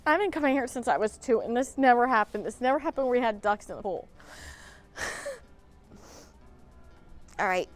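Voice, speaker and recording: A woman's voice: fairly high pitch, expressive, quick pace, hardly any pauses. A woman hosting a local history vlog outdoors beside a pool, talking in a rambling, emotional way that gets heated, with swearing. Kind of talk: on-location vlog.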